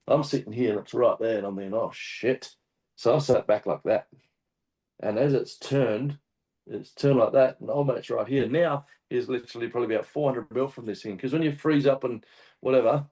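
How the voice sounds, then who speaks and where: A man with an Australian accent, a hunting guest telling a story in casual chat, animated and swearing often. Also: mid-range voice, brisk. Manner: animated, swears often, acts out shouted quotes. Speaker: guest hunter.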